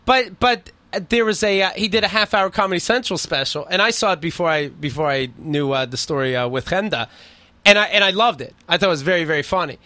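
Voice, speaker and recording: A man's voice: sits high, fast, sharp tone, dry recording. A man hosting a casual talk show, teasing and rambling with jokes. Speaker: host. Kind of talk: casual chat.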